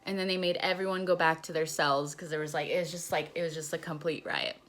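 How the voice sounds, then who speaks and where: A woman's voice: sits low, fast talker, fairly bright tone. A young woman casually telling a story on her vlog, candid and profane, retelling events with animation. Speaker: vlogger.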